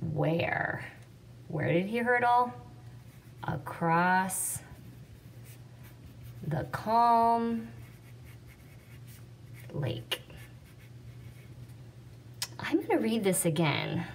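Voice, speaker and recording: A woman's voice: fairly high pitch, animated, extremely slow, long pauses. Patient woman teacher, distant mic. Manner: patient, explaining step by step. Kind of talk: classroom explanation. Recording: distant mic with faint noise.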